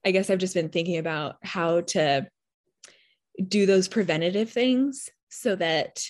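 A mother talks in a relaxed, meandering way, her voice sitting a little low. She leans on lots of fillers as she thinks out loud. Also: measured pace. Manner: rambling, filler-heavy, reflective. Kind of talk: casual chat.

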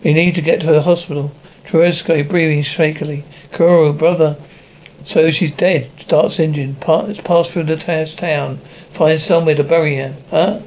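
A man's voice: on the high side, fairly even intonation, moderate pace, a little mellow, dull audio, slight background noise. A man reading a horror story aloud, voicing every part and reading the stage directions. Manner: reads stage directions aloud between voices. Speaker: narrator reading a horror story with all parts.

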